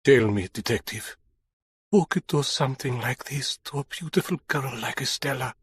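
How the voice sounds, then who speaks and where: A man voicing a grieving father who speaks in a low, shaky, pleading voice. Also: moderate pace, husky, dry recording.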